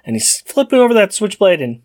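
An upbeat man co-hosting a casual podcast chat. His voice sits a little high and swings a lot as he talks. He keeps the segments moving along. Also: sing-song, fast talker, darkish tone. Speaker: podcast co-host.

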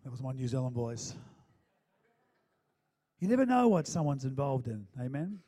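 Dark-toned man preaching to his congregation. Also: medium pitch, big pitch swings, normal speed. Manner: conversational preaching, frequent calls of "amen?", fillers and restarts. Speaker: pastor. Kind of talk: sermon with congregational prayer. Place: church hall with congregation.

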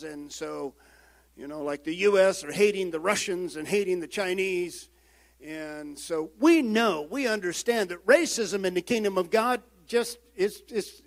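A man preaching a sermon as pastor, swinging from loud emphatic calls down to quiet, low-spoken passages. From United States.

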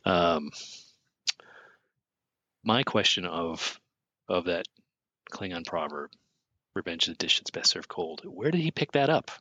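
A man talks through a movie in relaxed podcast chat, eager and full of theories. His voice sits very low, with a bright, husky edge. The sound is close and dry. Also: unhurried, pauses often, dry recording, highs cut off. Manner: enthusiastic, theorizing, laughs often. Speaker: podcast co-host. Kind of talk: casual film commentary chat.

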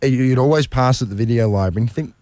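A man, a radio guest joking along in an animated, mock-outraged way. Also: mid-range voice, fast talker, dry recording. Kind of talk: comedic radio banter.

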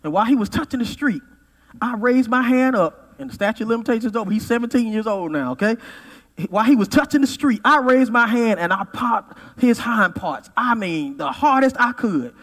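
A pastor in his forties preaching a sermon, swinging from loud peaks to quiet asides. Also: extremely high pitch, animated, a little fast. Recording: reverberant hall.

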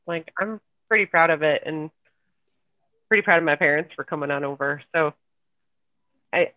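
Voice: mid-range voice, moderate pace. An American guest on a podcast, talking in an upbeat, folksy way and laughing easily. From United States. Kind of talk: casual interview chat. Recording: tinny remote phone line.

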